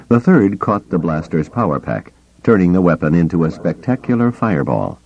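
A man narrating an action-filled audiobook in a dramatic, expressive reading. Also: low voice, lo-fi sound.

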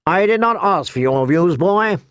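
A man's voice: on the high side, sing-song, measured pace, dry recording, studio quality, pitched above the performer's own voice. A man voicing a cold, impatient knight who speaks curtly. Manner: cold, curt.

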